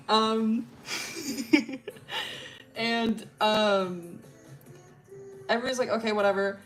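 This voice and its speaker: A woman's voice: medium pitch, fairly bright tone. A young woman streamer casually telling a rambling story, full of fillers and laughter.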